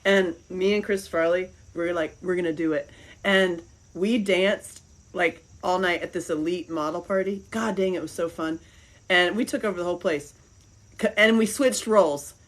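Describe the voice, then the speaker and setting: A woman's voice: lowish voice, normal speed. Chatty middle-aged woman telling stories. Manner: rambling, animated storytelling with laughs. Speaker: podcast host. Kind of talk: casual chat.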